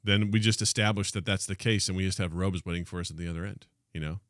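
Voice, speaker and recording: A man's voice: sits low, steady tone, quick pace, fairly bright tone, no room sound, studio quality. A young man co-hosting a podcast, chatting casually and acting out the people in his stories. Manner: joking storyteller who acts out quoted people. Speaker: podcast co-host. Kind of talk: casual chat.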